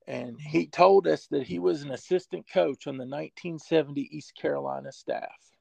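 A man who works as a sports information director, telling a story emotionally and haltingly, with many fillers. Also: on the high side, gravelly, dark tone, dry recording. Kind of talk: storytelling in an interview.

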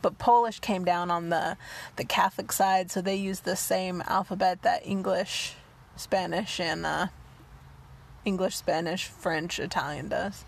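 A woman co-hosting a casual podcast, chatty, with quick asides and restarts. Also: on the low side, steady tone, creaky. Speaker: podcast co-host. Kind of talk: casual chat. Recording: lo-fi podcast with faint hiss.

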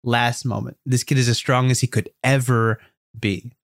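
A man telling an improvised story on a writing podcast, animated and rambling. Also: mid-range voice, normal speed, creaky, dry recording, studio quality. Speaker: podcast host.

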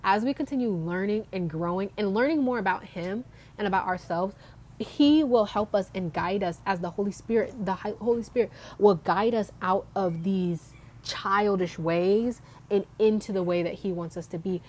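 A woman's voice: mid-range voice, normal speed, darkish tone. A young woman telling a casual faith testimony outdoors, chatty, with lots of "like" fillers and small laughs. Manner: chatty, frequent "like" fillers, laughs between thoughts. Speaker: faith vlogger.

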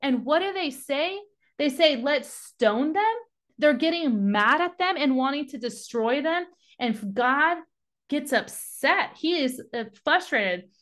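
A woman's voice: high-pitched, animated, measured pace, a bit bright. A woman giving a devotional Bible teaching, reading scripture aloud and then urging listeners on with rising passion. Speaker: devotional podcast speaker.

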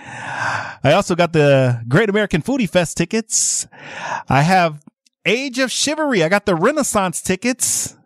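A man hosting a radio shopping call-in show, energetic and laughing often as he pushes deals to callers. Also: high-pitched, a little slow, no echo, clean studio sound. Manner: energetic, laughs often, animated sales patter. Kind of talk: lively radio call-in selling. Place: radio studio.

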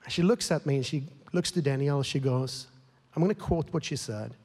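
A man's voice: mid-range voice, fairly quick, slightly rough. A man preaching a sermon as a pastor, telling a story with rising emotion and growing heat. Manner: emotional, grows louder and more heated, whispers at times. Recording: long hall reverb.

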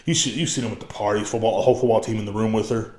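A man's voice: on the low side, steady tone, very fast, a little mellow. A young man hosting his own podcast, ranting in a crude, rambling and profane way. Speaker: podcast host. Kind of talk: casual rant.

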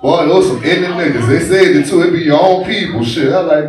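A young stand-up comic from New Orleans, crude and swaggering, with a high voice and his own accent. He is recorded live in a bar from a distance, so the sound booms back off the room. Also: lively intonation, fairly quick, heavy reverb. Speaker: stand-up comedian. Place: bar stage.

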